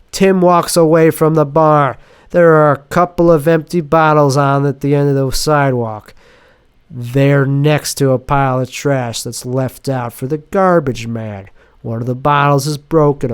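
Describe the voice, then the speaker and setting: A man's voice: mid-range voice, smooth, no echo, studio quality. A man who is sick and sniffly, hosting a casual podcast monologue from his apartment and reading a script aloud in a rambling, sardonic way that keeps interrupting itself. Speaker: podcast host. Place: home apartment.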